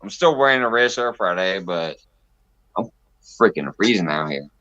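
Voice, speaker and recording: A man's voice: deep voice, lively intonation, moderate pace, sharp tone. A man hosting a casual live stream, joking, laughing and swearing with his viewers. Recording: dull lo-fi sound.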